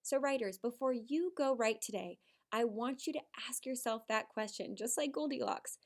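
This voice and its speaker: A woman teaching first graders a writing lesson, animated and sing-song, with dramatic emphasis. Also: on the high side, normal speed. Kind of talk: video writing lesson for young children.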